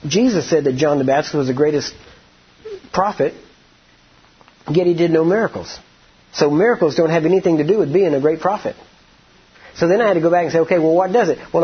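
Husky preacher man. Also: fairly high pitch, lo-fi sound. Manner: conversational, asks the congregation for agreement. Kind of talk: sermon.

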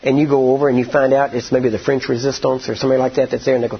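A husky, breathy-voiced man preaching with folksy storytelling that builds to forceful declarations. The recording sounds dull and lo-fi. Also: mid-range voice, flat delivery. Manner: folksy, drawn-out storytelling, rising to emphatic declarations. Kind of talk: sermon with storytelling.

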